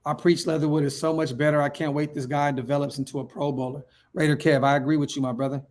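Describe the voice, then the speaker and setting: A man's voice: a little high, flat delivery, fast talker, darkish tone. A man from Northern California hosting a casual fan livestream, reading viewer comments aloud in a hyped, slangy way and repeating his phrases. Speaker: fan channel livestream host.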